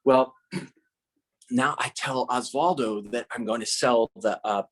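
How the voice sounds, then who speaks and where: Animated man telling a funny anecdote. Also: medium pitch, takes it slowly. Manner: animated, acts out dialogue with many fillers and restarts. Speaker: storyteller. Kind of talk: casual spoken anecdote.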